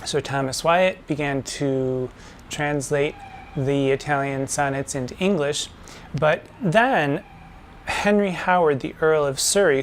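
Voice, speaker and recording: A man hosting a lesson and explaining things in a measured, didactic way, slowing down to spell out patterns. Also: fairly high pitch, a little hiss or hum. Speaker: drag performer hosting a poetry lesson.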